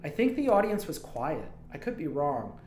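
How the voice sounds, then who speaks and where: A man's voice: a little high, very animated, moderate pace, a little mellow. A man from Toledo, Ohio, chatting casually on his livestream as a streamer and animator, drifting from one story to the next. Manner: rambling, digressive storytelling. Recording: roomy echo.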